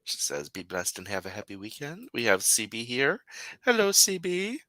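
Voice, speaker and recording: A livestream host in casual chat who greets viewers by name and reads out their messages, friendly and unhurried. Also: low-pitched, lively intonation, bright, forceful tone, no room sound.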